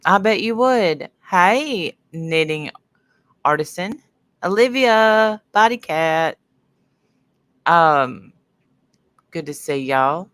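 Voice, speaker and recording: A woman's voice: fairly low pitch, lively intonation, very slow, long pauses, a bit bright, no echo. A middle-aged woman hosting a casual livestream, sniffly from her sinuses, rambling as she greets viewers by name between stories. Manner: rambling, chatty, greets viewers mid-sentence. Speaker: livestream host.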